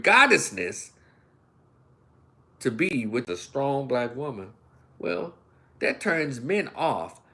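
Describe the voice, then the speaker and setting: Middle-aged Southern man, opinion host, folksy and animated, voice leaps up and down. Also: fairly high pitch, creaky. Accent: Southern American. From Memphis, United States. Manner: animated, acts out voices and imitations; folksy, addresses listeners as y'all. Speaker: commentary channel host. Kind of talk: ranting opinion commentary.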